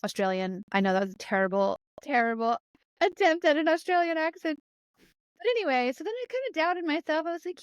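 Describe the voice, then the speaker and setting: A woman journalist from Georgia, hosting a casual political discussion and telling stories in a chatty, animated way. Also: high-pitched, normal speed, smooth, no room sound. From Georgia, USA. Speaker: journalist and podcast host.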